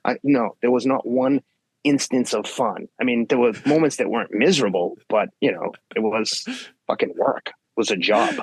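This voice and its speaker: A man in his fifties, a guest athlete telling race stories in blunt, profane, animated casual chat. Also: mid-range voice, moderate pace, husky, no echo. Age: 50s. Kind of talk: casual podcast storytelling.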